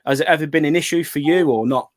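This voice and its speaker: A man's voice: a little high, fast, dry recording. Chatty man host, dry close sound. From West Midlands. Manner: chatty, asks rambling questions. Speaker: interviewer, channel host. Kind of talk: casual interview.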